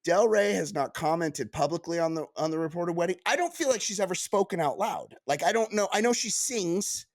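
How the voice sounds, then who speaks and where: A man co-hosting a podcast, reading news aloud and riffing on it in casual comedic banter, full of restarts and quick asides. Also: high-pitched, dry recording, studio quality. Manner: animated, riffing, reads news aloud then jokes; frequent restarts and filler yeahs. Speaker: podcast co-host.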